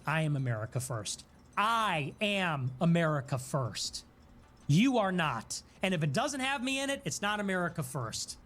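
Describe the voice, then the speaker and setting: A man's voice: high voice, fairly bright tone. A man from Chicago hosting a political livestream, delivering an indignant, sarcastic monologue. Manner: indignant and sarcastic, rising to defiant outbursts.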